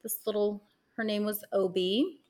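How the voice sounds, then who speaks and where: A woman's voice: mid-range voice, moderate pace, a little mellow. A young woman co-hosting a casual podcast, gossipy and dramatic, swearing freely and acting out quoted voices. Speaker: podcast co-host. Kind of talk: casual chat.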